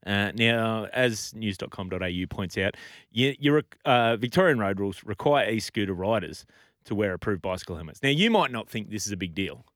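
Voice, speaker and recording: Fired-up Australian radio host. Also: male voice, on the low side, brisk, no echo, clean studio sound. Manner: animated, gets fired up, laughs often. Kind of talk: casual radio banter. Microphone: studio microphone.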